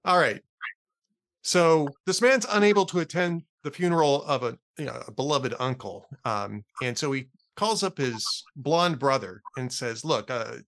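A chatty male host with a bright, fairly high voice tells jokes in a casual talk. His delivery swings up and down with animation. He laughs easily at his own punchlines. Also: animated, moderate pace. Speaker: podcast host. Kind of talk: casual chat and joke telling.

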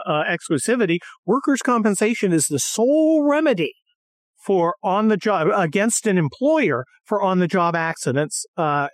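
Animated, profane woman chatting. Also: fairly low pitch, dry recording, clean studio sound. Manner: animated, profane, mocking impressions. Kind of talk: casual chat.

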